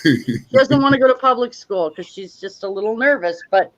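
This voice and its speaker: A woman's voice: medium pitch, lively intonation, moderate pace. A woman from Canada hosting a casual live stream, chatting with guests and reading viewers' comments. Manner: friendly, addresses chat viewers. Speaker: stream host. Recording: dull lo-fi stream audio.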